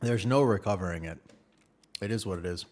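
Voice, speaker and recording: A game streamer in his twenties talks casually with his viewers, joking and rambling as he goes. His voice is fairly low and a bit dark in tone, and he speaks briskly.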